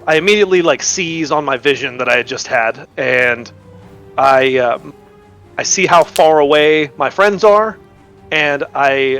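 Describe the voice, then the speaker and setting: A man's voice: on the high side, fairly bright tone. A man playing a tabletop role-playing game, narrating his character's actions in a rambling way, with many restarts and laughs. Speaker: player.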